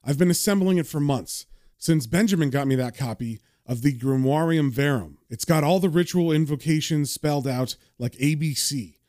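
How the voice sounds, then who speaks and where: A man's voice: on the high side, normal speed, dark tone, no echo, studio quality, lightly acted. A man doing a cocky young magician. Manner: brash, slangy.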